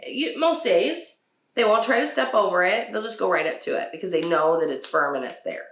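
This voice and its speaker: A woman's voice: mid-range voice, animated, fairly quick, a bit bright. A woman hosting a casual parenting talk. She laughs often and acts out quotes from her children. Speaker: podcast host. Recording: echoey room.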